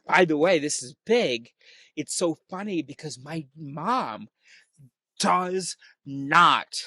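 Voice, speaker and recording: Slow, rambling man talking to camera. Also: fairly high pitch, fairly bright tone, dry recording. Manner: rambling, self-interrupting, many restarts. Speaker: vlogger. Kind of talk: casual monologue.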